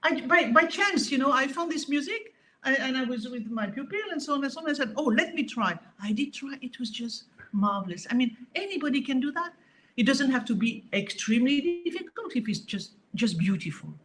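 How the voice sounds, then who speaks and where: A woman with a French accent, a harp teacher speaking in a casual interview, talking in an animated, emphatic way with frequent restarts. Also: high voice, a little fast.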